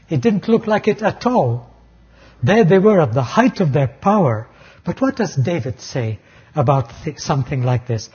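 Man, preacher, sermon, slow deliberate delivery, very husky voice, earnest. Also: on the high side, darkish tone. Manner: earnest, explains terms and restarts phrases. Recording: dull lo-fi recording.

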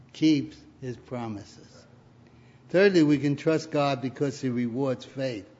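A man's voice: medium pitch, a little mellow. A man preaching a sermon, telling stories and rising to emphatic peaks. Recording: dull lo-fi recording.

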